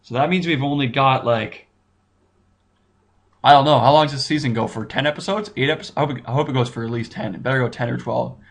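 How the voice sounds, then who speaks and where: A man talking casually as he recaps and reviews a TV episode, excitable and rambling, thinking aloud with frequent restarts and exclamations. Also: medium pitch, fast talker. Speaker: YouTube TV reviewer.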